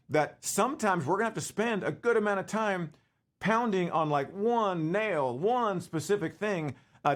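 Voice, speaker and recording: A man in his forties giving a casual leadership talk to camera, conversational and full of fillers and restarts. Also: on the high side. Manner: conversational, full of fillers and restarts, laughs while telling stories.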